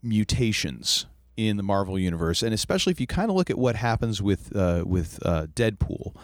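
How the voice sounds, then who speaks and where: A man co-hosting a casual podcast chat about a TV episode. He speaks in an animated way, often jumping up high in pitch. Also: fairly quick, no room sound, studio quality. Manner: animated, jumps up high for quoted lines. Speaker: podcast co-host.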